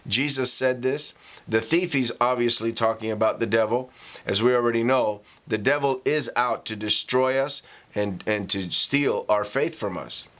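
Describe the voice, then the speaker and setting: A pastor delivers a casual vlog sermon in a mid-range, slightly bright male voice. He speaks conversationally with fillers and slows down to read scripture for emphasis.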